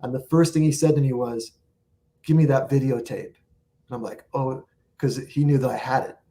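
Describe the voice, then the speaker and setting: A man's voice: medium pitch, normal speed, warm tone. Man telling rambling rock-tour anecdotes. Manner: rambling anecdotes with acted-out quotes. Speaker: guest musician. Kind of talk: storytelling interview.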